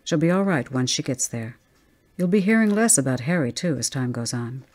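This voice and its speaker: Give me a firm, protective husband, voiced by a woman in a low, mellow audiobook reading. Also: expressive, fairly quick.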